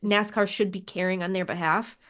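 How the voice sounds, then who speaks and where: A woman on a podcast call, speaking in an ordinary middle-pitched voice. She is frank and animated, swears freely and laughs as she talks. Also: brisk. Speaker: podcast co-host. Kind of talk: casual chat.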